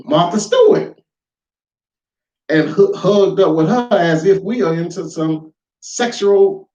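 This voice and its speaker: A man giving an informal spoken lesson, emphatic and full of rhetorical questions, swinging between loud and quiet. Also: fairly high pitch, recorded from a distance. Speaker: lecturer. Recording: echoey room, dull lo-fi sound.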